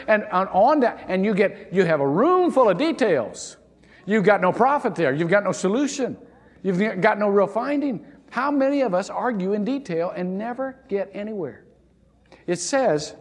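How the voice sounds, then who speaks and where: A husky-voiced male pastor preaches with a lively, swooping delivery that keeps climbing high. His words echo around a church hall with a long reverb tail. He often stumbles and restarts mid-phrase as he drives his points home. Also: normal speed. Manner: animated preaching, frequent restarts and stammers. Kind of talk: sermon. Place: church sanctuary.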